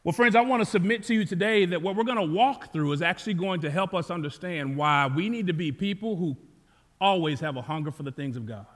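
High-voiced American pastor preaching. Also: male voice, fairly bright tone, long reverb tail. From United States. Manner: storytelling, rising to fervent calls. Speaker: campus pastor. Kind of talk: sermon. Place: church sanctuary.

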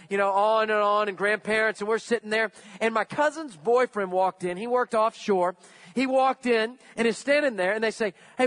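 A man from Louisiana preaching, with a voice pitched notably high for a man. He weaves personal stories into the sermon and repeats key phrases to drive them home. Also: a bit bright. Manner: storytelling, repeating phrases for emphasis. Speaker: pastor.

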